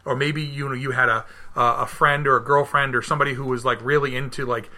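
A man in his thirties hosting a podcast in casual chat, animated, acting out quotes and often restarting his sentences. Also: mid-range voice, quick pace. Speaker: podcast host.

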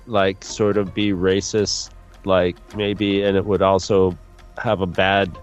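A man's voice: low voice, little pitch movement, soft background music. Hesitant man chatting on a podcast. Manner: hesitant, halting. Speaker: podcast co-host. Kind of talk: casual chat.

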